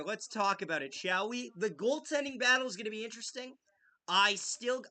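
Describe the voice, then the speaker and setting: A young man hosting a casual live hockey podcast, chatty and excitable. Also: sits high. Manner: chatty and excitable, jokes with a friend. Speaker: podcast host. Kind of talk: casual live game-watch chat.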